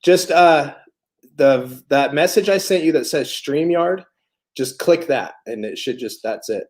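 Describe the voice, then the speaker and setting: A man's voice: a little high, lively intonation, measured pace, darkish tone. A man hosting a recovery livestream, chatting casually, joking and greeting viewers in the chat by name.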